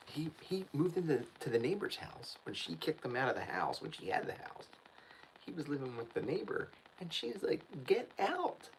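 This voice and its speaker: A man's voice: medium pitch, big pitch swings, normal speed, gravelly, a little hiss or hum, poor audio. A man hosting his channel, telling a story in a casual livestream chat, ranting and often saying "dude" and "man". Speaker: channel host.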